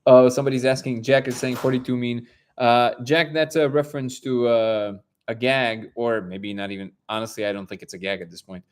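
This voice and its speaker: A man's voice: mid-range voice, little pitch movement, a little fast. Rambling male livestream host. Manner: rambling storyteller, acts out dialogue. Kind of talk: casual live chat.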